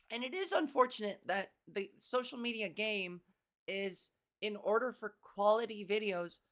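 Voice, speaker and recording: A woman talking alone on her podcast in a loose, wandering way, her voice hoarse and sitting mid-range. She swears freely, coughs and clears her throat, and keeps toying with how high or low she pitches her words. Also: unhurried. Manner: rambling, profane, playfully toying with her pitch. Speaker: comedian podcast host. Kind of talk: casual solo podcast monologue.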